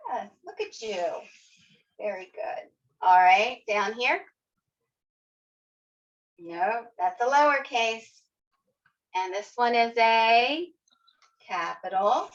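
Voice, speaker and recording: A woman teaching young children letter sounds in an online lesson, slow and encouraging, sounding out each letter. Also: a little high, expressive. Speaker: kindergarten teacher. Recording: slightly dull lo-fi video audio.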